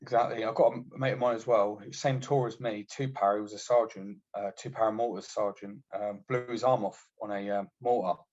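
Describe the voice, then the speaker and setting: A man's voice: lowish voice, fairly even intonation, a little fast, few pauses, a little mellow. A man telling blunt, sweary stories in casual chat as a podcast guest, with many fillers. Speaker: guest, army veteran. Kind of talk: casual storytelling. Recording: dull, muffled audio.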